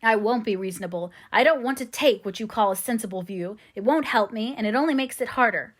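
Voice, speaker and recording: A woman's voice: fairly high pitch, brisk, lightly acted. Laurie, a woman voicing an ardent young man. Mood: pleading, passionate. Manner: impassioned, pleading. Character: young man, passionate, pleading suitor. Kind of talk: audiobook reading.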